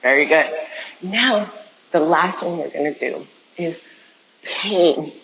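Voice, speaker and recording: A woman's voice: sits low, slow pace, fairly bright tone, dull audio, a little hiss or hum. A woman teaching an online dance class, coaching movement step by step and counting out the beats. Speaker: dance instructor.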